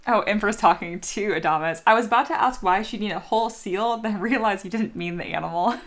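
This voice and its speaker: A woman's voice: medium pitch, a little fast, a bit bright. A woman teaching 3D sculpting on a live stream, chatty and self-deprecating, laughing often and reading viewer comments aloud. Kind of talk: casual live-stream tutorial.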